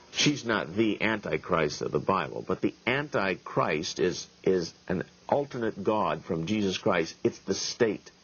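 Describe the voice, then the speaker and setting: A man's voice: on the low side, breathy edge. A middle-aged man, a pastor, telling a story in a wry, folksy sermon style, chuckling often. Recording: lo-fi 1990s video tape.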